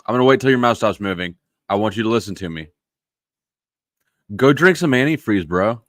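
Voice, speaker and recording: A man's voice: on the low side, expressive, a little fast, no room sound, clean studio sound. A man hosting a live panel, needling guests bluntly with repeated calls. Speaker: host. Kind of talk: casual live panel chat.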